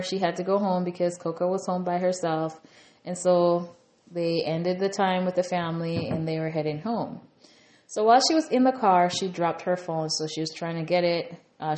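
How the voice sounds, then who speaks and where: Lady rambling through a tv recap, lots of "you know", kinda low voice, roomy echo. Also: a little mellow. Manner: chatty, rambling with many "you know" fillers. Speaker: TV recap reviewer. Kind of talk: casual episode recap.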